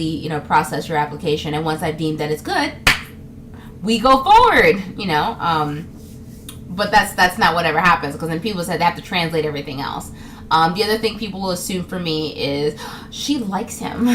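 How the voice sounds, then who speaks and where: A woman's voice: lowish voice, a bit bright, a little hiss or hum. Chatty young woman vlogging to camera. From New York. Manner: chatty, laughs a lot, acts out other people's lines. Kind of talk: casual comedic monologue to camera.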